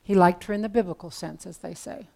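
A woman's voice: on the low side, fast talker, creaky, mellow. Conversational woman preaching a sermon. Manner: conversational, storytelling with asides.

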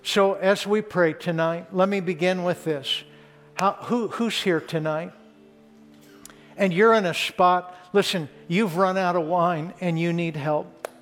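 A man's voice: sits high, fairly even intonation, measured pace, a bit bright, soft background music. An older man preaching a sermon to a congregation, earnest and building to fervent emphasis on key lines. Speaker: pastor.

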